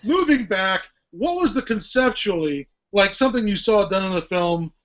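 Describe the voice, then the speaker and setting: A man's voice: high-pitched, animated, moderate pace, fairly bright tone. A man hosting a casual podcast chat, telling stories animatedly and swearing freely. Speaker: podcast host. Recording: lo-fi podcast audio.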